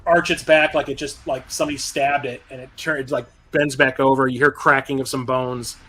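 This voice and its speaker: A man acting as game master, describing monsters and attacks in a loose, offhand way. His pitch sits at an ordinary middle level, and he keeps slipping filler words into the action. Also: fairly even intonation, fairly quick, bright, forceful tone. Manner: loose narration with many "like" fillers. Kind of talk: narrating a tabletop game.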